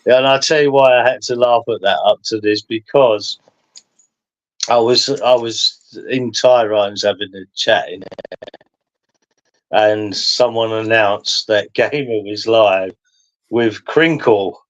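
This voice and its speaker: A man's voice: fairly low pitch, takes it slowly, highs cut off. A man who hosts a live stream, chatting casually and telling rambling stories that he laughs through. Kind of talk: casual chat.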